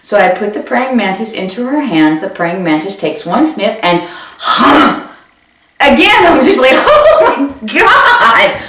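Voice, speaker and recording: Lady doing standup storytelling, super bouncy voice, squeaky when she acts stuff out, echoey and far from the mic. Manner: animated, swooping into high squeals for quoted voices. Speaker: stand-up comedian. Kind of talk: comic storytelling. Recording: echoey room from a distance.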